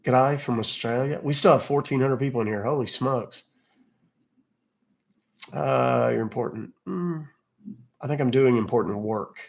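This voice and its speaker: A man's voice: mid-range voice, a little slow, creaky, pauses often. A man from Texas hosting a casual live stream, chatting loosely and reading viewer comments aloud. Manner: chatty, loose, jokey, reads chat aloud. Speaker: livestream host.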